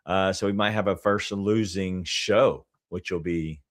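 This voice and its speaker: Blunt low-voiced male host. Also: fairly even intonation, unhurried. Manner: blunt, wraps up segments. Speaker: show host. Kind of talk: casual sports betting chat.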